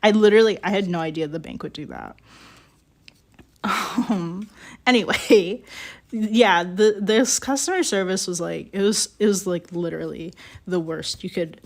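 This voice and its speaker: A woman's voice: lowish voice, sing-song, moderate pace, gravelly. A young woman chatting casually as she works on pottery, telling a rambling story full of fillers and little laughs. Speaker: streamer working on ceramics. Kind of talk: casual chat while working. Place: home pottery studio.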